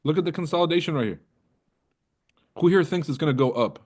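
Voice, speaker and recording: A man's voice: a little high, animated, quick pace, a little mellow. A man hosting a trading livestream in casual, profane, joking talk, roasting and teasing his viewers. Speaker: trading coach and livestream host.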